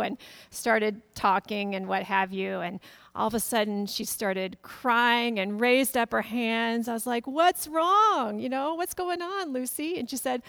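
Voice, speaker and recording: A woman's voice: mid-range voice, gravelly, fairly bright tone, no room sound. A middle-aged woman pastor giving a sermon in a storytelling manner, acting out the voices in the stories she tells. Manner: storytelling, acts out quoted voices.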